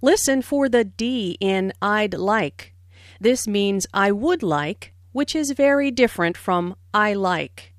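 A woman narrating a scripted language lesson, explaining pronunciation with careful, clear enunciation. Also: medium pitch, animated, takes it slowly, no room sound, studio quality. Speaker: language teacher.

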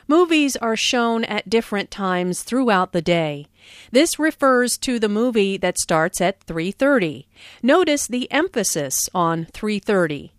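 A woman narrating a scripted language lesson, speaking slowly with careful enunciation. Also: mid-range voice, lively intonation, no echo, studio quality.

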